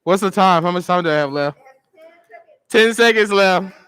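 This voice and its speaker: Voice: medium pitch, moderate pace, fairly bright tone, smooth, no echo. A young co-host, bantering playfully while running a casual game.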